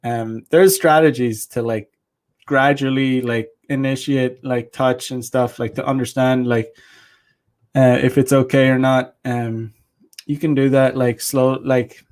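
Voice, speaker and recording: A man at a medium pitch hosting a casual livestream, reacting to viewer comments. He talks bluntly and rambles, throws in crude slang, and often breaks off to restart a thought. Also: steady tone, unhurried, darkish tone. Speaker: host.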